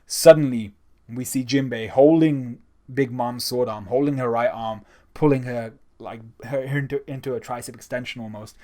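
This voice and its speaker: A man's voice: medium pitch, moderate pace, dark tone. A man giving a casual, enthusiastic spoken review of a comic chapter, talking conversationally. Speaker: manga reviewer.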